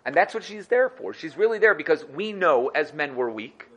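A man teaching a lively Torah lesson, animated and acting out little scenes. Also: on the high side, normal speed, dull audio. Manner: animated, acts out dialogue.

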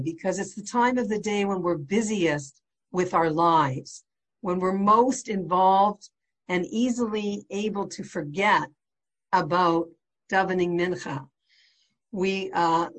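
Woman teaching a relaxed prayer lesson. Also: fairly low pitch. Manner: explains patiently, mixes in Hebrew and Yiddish terms. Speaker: Torah teacher.

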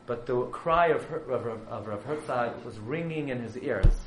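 A man who is a yeshiva rabbi, telling a story as a sermon, dramatic and surging from hushed to loud. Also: medium pitch, moderate pace, echoey room, noisy background.

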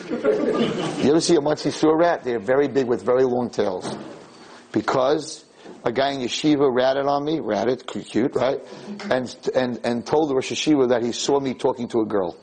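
A man from New York, a rabbi telling stories in an animated way to a live audience in a room. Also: moderate pace, background noise. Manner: animated, jumps high when quoting people. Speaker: rabbi giving a talk. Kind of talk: storytelling Torah talk to a live audience.

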